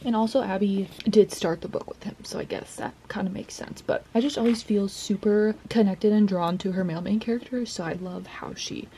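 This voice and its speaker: A woman's voice: medium pitch, fairly even intonation, a little fast, hardly any pauses, dark tone. A young woman chats casually at home, recorded on a phone or camera mic. She gushes and fills her talk with "like". A faint hum sits under her voice. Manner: chatty, gushing, says "like" often. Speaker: book vlogger. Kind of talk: casual chat. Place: home, during a storm. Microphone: phone or camera mic, clip-on mics dead.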